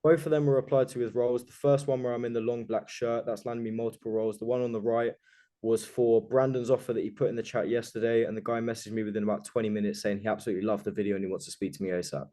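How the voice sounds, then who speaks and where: A man's voice: mid-range voice, steady tone, quick pace, dark tone. Emphatic, self-assured male coach. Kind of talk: coaching group call. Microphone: video call.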